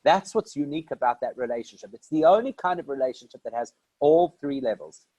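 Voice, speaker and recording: A man's voice: mid-range voice, expressive, brisk, mellow, husky, dry recording, dull audio. A man from South Africa giving a conversational Torah lesson, posing questions and answering them himself. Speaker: rabbi teaching a class. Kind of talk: Torah lecture.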